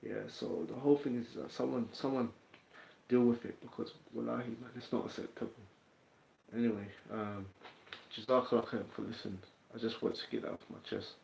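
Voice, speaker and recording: A man's voice: medium pitch, fairly even intonation, fairly quick, creaky, a little mellow, a little hiss or hum. A man with a London accent hosting a casual livestream, chatting in a streetwise way and answering viewers' comments. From England. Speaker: livestream host. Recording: roomy, dull lo-fi sound.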